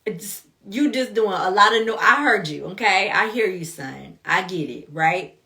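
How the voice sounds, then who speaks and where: A woman voicing a stern, sarcastic almighty God who scolds in casual slang and sounds a touch high and loud. His tone is fairly lively, and he talks down to a questioner. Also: normal speed. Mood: scolding.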